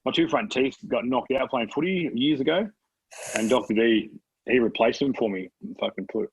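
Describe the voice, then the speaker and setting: A husky Australian man in his thirties chats loosely and swears freely, breaking into laughs as he tells stories about his kids. His voice comes through a dry, slightly muffled close mic. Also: mid-range voice, moderate pace, no echo. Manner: laid-back, swears freely, laughs often. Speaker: podcast guest. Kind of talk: casual chat.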